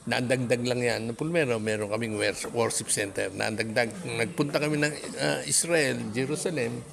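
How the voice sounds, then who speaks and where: A man from the Philippines answering interview questions in a halting way, restarting phrases. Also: mid-range voice, gravelly. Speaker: founder of a prayer site, interviewee. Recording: crowd noise behind.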